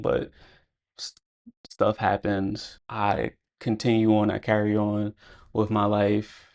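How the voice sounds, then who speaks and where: Young male vlogger, low gravelly voice, loose reflective storytelling with lots of fillers. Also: slow. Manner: casual, reflective, lots of fillers like "like" and "you know". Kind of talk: personal storytelling to camera.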